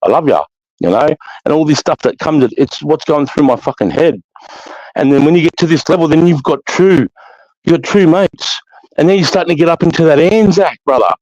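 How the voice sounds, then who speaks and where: An Australian man hosts a live chat show in a casual monologue, blunt and full of swearing, preaching with emphasis. His voice sits on the high side, brisk and a little mellow. The audio is dry, dull and lo-fi.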